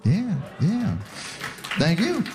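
A man's voice: sits high, drawn-out words, noisy background. A man, performing a stand-up comedy routine and acting out the voices in his stories. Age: 40s. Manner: animated storytelling, acts out voices.

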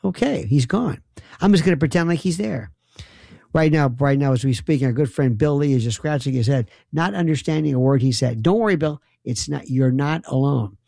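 A man's voice: on the high side, brisk, gravelly, dark tone, dry recording, clean studio sound. A man hosting a late-night call-in radio show, teasing callers in a rambling, mock-bewildered way. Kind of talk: bantering call-in radio talk.

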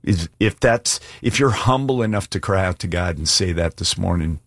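A man's voice: sits low, expressive, moderate pace, no echo, studio quality. A male pastor preaching an earnest, emphatic sermon and altar call, plain-spoken with casual asides.

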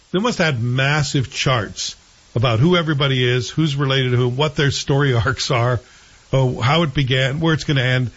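Husky-voiced chatty male host. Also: medium pitch, highs cut off. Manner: chatty, opinionated, rambling with self-corrections. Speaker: show host reviewing TV series. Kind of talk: casual chat.

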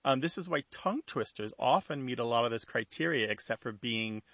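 A man's voice: medium pitch, animated, a little fast, fairly bright tone, no echo, muffled recording. A man co-hosting a radio call-in show, explaining things in a thoughtful, conversational way.

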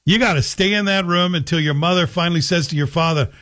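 A man runs a radio talk show, his voice sitting a little high. He talks in a wry, mocking monologue, spinning jokes and anecdotes into his points. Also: quick pace, few pauses, a bit bright. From Scotland. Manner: sardonic, joking, slips into a Scottish voice for anecdotes.

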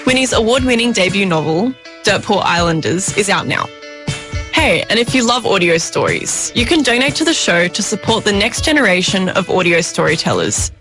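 Give me a woman hosting a radio story show, clear and even, soft music underneath. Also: medium pitch, normal speed. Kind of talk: scripted presenting.

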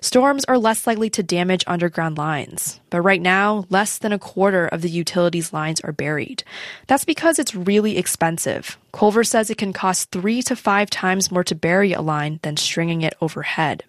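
Woman doing a news report, kinda low voice, dead dry studio sound. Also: expressive, no echo. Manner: measured, clear delivery. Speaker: public radio reporter.

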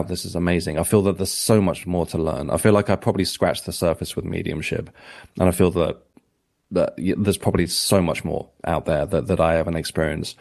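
A man's voice: low voice, a little mellow. A man, an author guest on a radio show, talking in a rambling, reflective way with many restarts. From England. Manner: rambling, self-correcting, reflective. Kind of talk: radio interview.

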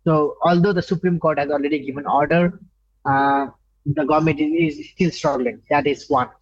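A man from Nepal, an indigenous rights advocate answering interview questions earnestly, pausing often with fillers. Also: a little high, fairly even intonation, husky, dry recording, muffled recording. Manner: earnest, halting with many fillers.

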